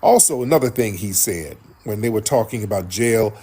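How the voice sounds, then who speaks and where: A man's voice: lowish voice, lively intonation, moderate pace, mellow, slight background noise. A man hosting a show, telling a story in casual commentary and acting out what others said. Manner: storytelling, acts out others' quotes. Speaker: show host reading viewer comments.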